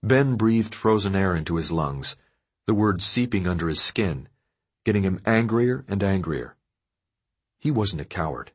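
A man narrates a dark, violent story in a steady, measured audiobook reading. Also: deep voice, slightly rough. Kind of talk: scripted narration of dark fiction.

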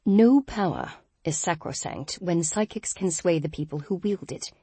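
A woman narrator voicing an arrogant male guild boss who speaks with a crisp English accent and a quiet, menacing sneer. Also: low voice, lively intonation, measured pace, dry recording, heavily acted.

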